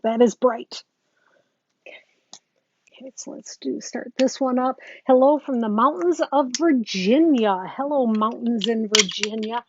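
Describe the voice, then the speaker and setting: A woman's voice: a little high, breathy edge. A woman teaching quilting in a live demonstration, chatting casually as she works and greeting viewers. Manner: chatty, talks while working, greets viewers. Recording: dull lo-fi sound with faint noise.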